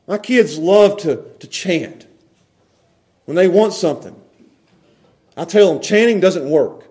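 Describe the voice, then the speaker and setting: A man preaching a sermon to his congregation, swinging from loud, animated exclaiming to quiet, close asides. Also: high-pitched, takes it slowly, pauses often. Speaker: pastor.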